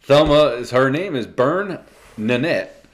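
A man's voice: mid-range voice, expressive, slow pace. A man in his fifties co-hosting a casual podcast chat, easygoing, quizzing his co-host. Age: 50s.

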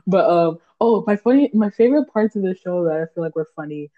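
A young woman co-hosting a podcast, chatting casually in a relaxed way. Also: lowish voice, fast, no room sound, lo-fi sound. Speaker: podcast co-host. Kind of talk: casual chat.

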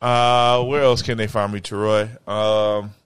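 Man, podcast co-host, boastful comic riffing, quick bursts, dry close sound. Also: fairly low pitch, little pitch movement, a bit bright, clear, resonant tone, no room sound. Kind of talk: joking casual podcast chat.

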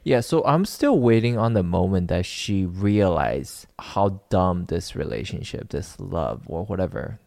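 A woman co-hosting a true-crime podcast, reacting quickly in casual chat. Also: rumbling low, lively intonation, vocal fry, darkish tone, no room sound, clean studio sound. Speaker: podcast co-host.

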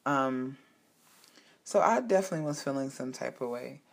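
A woman's voice: rumbling low, expressive, moderate pace, vocal fry. A woman speaking straight to her audience in a candid personal monologue, heartfelt and emphatic, with frank swearing.

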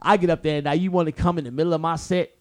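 A man with a high-pitched voice tells a story in casual chat, swearing freely and acting out the people in it. He is a comedian, lively and loose. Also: racing. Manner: animated, profane, acts out quotes.

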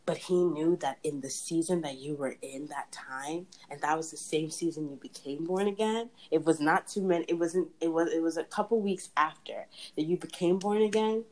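Low-voiced chatty woman host. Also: normal speed, few pauses, a little mellow, low-quality recording. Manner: chatty, laughs often, many restarts. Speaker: podcast host. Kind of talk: casual faith chat.

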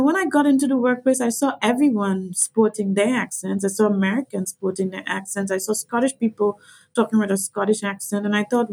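A woman's voice: on the high side, creaky, rough recording. A woman from Grenada with a mixed Caribbean and English accent, a lawyer speaking reflectively and with emphasis as a podcast guest. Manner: reflective, emphatic, repeats herself. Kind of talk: podcast interview.

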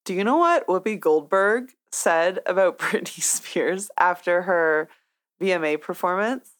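A woman's voice: lowish voice, lively intonation, a little slow. Giggly young woman storyteller co-host. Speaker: podcast co-host. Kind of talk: casual chat.

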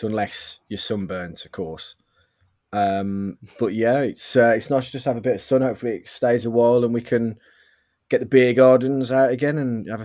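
A man co-hosting a podcast, recorded dry and close on a webcam mic. He talks at a middle pitch. His anecdotes are animated and full of laughter. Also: no room sound. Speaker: podcast co-host. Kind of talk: casual podcast chat.

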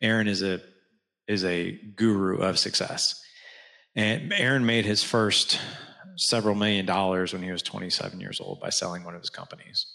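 His voice is low and gravelly, at a normal pace. As a podcast guest and founder of a fathers' organization, he shares his story in a lively, conversational way, performing quoted dialogue and often restarting or saying "like."

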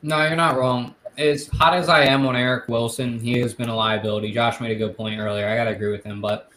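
A man's voice: medium pitch, fairly even intonation, fast, fairly bright tone. Man, podcast host, casual sports talk, echoey room. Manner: steers topics, passes questions to others.

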